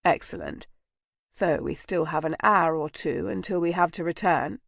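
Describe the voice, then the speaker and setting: A woman reading a storybook nobleman lover, giving him a low, soft, intimate delivery. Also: normal speed, gravelly, no room sound. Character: male nobleman lover, tender and commanding.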